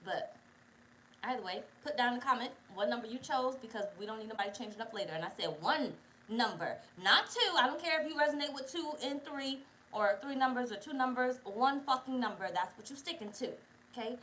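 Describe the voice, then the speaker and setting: A woman's voice: on the high side, fast talker, fairly bright tone, a little hiss or hum, rough recording. A young woman hosting a casual tarot livestream, chatty, profane and digressive, bossing her viewers around. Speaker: tarot reader, channel host.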